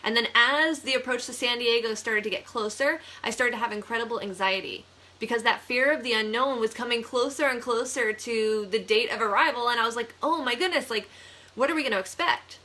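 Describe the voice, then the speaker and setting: Young woman from the Buffalo area, casual vlog storytelling, bright tone, slightly high voice, chatty, laughs often. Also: fairly quick. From Buffalo, New York area. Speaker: vlogger, real estate agent.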